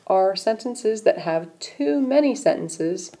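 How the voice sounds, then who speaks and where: Woman teacher, grammar lesson, patient, step-by-step, lowish mellow voice. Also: expressive, a little slow, pauses often, slightly rough. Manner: patient, step-by-step explaining while pointing at examples. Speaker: English writing teacher.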